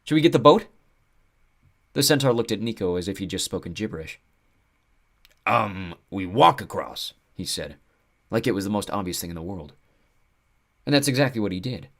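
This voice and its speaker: Lively low-voiced man reading an audiobook. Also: brisk, long pauses. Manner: expressive, storytelling delivery. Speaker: audiobook narrator. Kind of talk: scripted audiobook narration.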